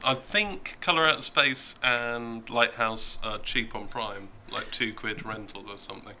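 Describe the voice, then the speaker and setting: A man co-hosting a watch-party stream, dropping dry, deadpan quips in casual chat. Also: medium pitch, measured pace, a little hiss or hum.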